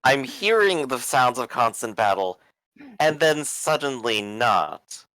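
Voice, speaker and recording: A man playing a tabletop game, planning his moves in a measured, deliberate way. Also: medium pitch, sing-song, pushed and bright, dry recording, poor audio. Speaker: player. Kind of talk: tabletop game play over voice chat.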